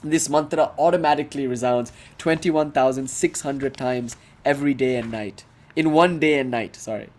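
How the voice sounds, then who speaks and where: A man's voice: mid-range voice, moderate pace, darkish tone. A man giving a casual spoken philosophy lesson, playful and emphatic, with joking asides. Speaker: philosophy teacher.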